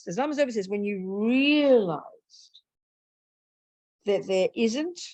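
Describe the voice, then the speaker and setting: A woman's voice: fairly high pitch, lively intonation, takes it slowly, a little mellow, dry recording. A woman, a Buddhist nun, teaching a meditation retreat in a blunt, plain-spoken and humorous way.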